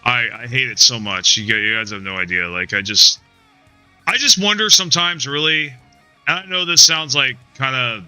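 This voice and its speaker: A man's voice: medium pitch, normal speed, sharp tone, clear, resonant tone, dry recording, faint music behind. A man streaming a video game live, talking casually in a rambling, profane, frustrated way, restarting his sentences and tagging them with "man" and "dude". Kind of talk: casual live-stream chat while playing.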